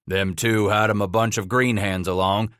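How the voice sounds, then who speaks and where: A seasoned trapper leader speaks in a level, unhurried frontier drawl, as a male narrator voices him. The reading is dry and close to the mic. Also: lowish voice, fairly even intonation, fairly bright tone, clear, resonant tone, no echo, close to an everyday voice. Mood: calm.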